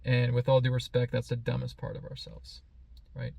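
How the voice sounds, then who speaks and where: Calm gravelly-voiced man, flat and slow. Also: mid-range voice, dry recording. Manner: slow, calm, meditative delivery; playfully mimics excited voices. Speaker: spiritual teacher. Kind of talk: reflective spoken teaching.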